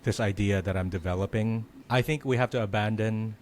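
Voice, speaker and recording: Man, podcast host, casual chat, reflective, thinks out loud, lots of fillers. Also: fairly low pitch, fairly quick, slight background noise. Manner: reflective, thinking aloud with many "like"s. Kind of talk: casual conversation.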